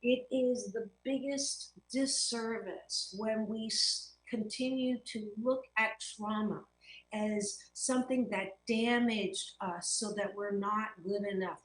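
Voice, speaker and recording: A woman's voice: medium pitch, echoey room, a little hiss or hum, low-quality recording. A woman hosting a motivational talk show as a happiness coach, speaking earnestly and emphatically, with playful stand-ins for swear words.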